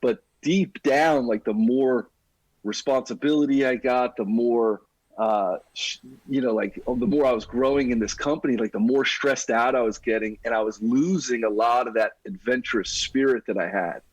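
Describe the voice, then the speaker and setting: A middle-aged man tells his own story on a podcast, lively and casual, calling the host "dude." His voice is slightly husky and sits at a mid pitch. The sound is dry and close, with almost no room. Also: normal speed, dry recording, poor audio. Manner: energetic, talks like a buddy, says "dude". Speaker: podcast guest.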